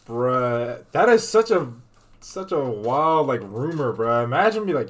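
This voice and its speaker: A man streaming a reaction to a video, talking in a casual, animated and profane way, often restarting his sentences. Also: medium pitch, unhurried.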